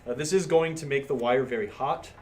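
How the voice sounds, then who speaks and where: A man's voice: medium pitch, fairly quick, slight background noise. A man hosting a live stream, casually explaining a circuit board repair step by step as he works and chats with viewers. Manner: casual, step-by-step narration while working, reads chat. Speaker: livestream host doing pinball repair. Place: workbench.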